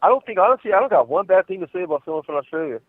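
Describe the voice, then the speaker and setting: A man's voice: high-pitched, expressive, rapid-fire, slight background noise. A man chatting casually and joking on a call from prison, laughing often and using lots of fillers. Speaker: podcast co-host calling from prison. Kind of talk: casual chat on a phone call. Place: prison day room phone. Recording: dull lo-fi phone line.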